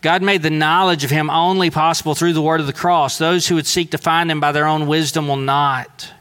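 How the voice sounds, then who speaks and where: Earnest, emphatic male preacher with a bright voice. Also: medium pitch, clean tone. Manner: earnest, emphatic, slowing down to stress key phrases. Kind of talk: sermon.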